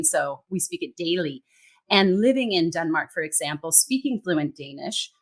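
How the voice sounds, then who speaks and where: A woman from Central California with a Californian accent, speaking passionately and emphatically as an interview guest. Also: fairly low pitch. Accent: Californian American English. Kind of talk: interview conversation.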